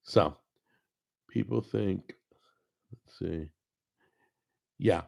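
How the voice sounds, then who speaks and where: A middle-aged man hosting a cooking show, chatting casually at his desk microphone, with a gravelly, strained voice from a paralyzed vocal cord, rambling and self-deprecating. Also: sits low, very slow, darkish tone. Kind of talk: casual chat to camera. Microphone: desk microphone recorded over a video call.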